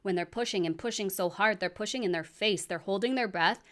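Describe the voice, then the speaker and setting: A woman's voice: mid-range voice, fairly quick, a bit bright. A woman giving critical commentary on a vlog, explaining things in a matter-of-fact way with sardonic asides.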